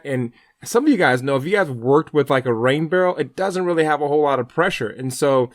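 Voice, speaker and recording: A man's voice: on the high side, animated, fairly quick, hardly any pauses, no room sound, studio quality. A man co-hosting a faith radio show, telling a story in an earnest, rambling, chatty way. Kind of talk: casual faith broadcast storytelling.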